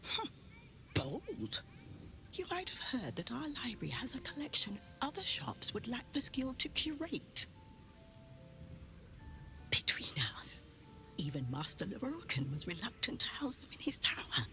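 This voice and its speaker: A whispering, secretive bookseller. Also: female voice, on the high side, wildly swooping pitch, soft background music, full character voice. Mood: hushed. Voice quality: hushed, unvoiced whisper. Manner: slow, conspiratorial, warning. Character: guarded, secretive female bookseller of dangerous tomes. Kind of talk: whispered role-play.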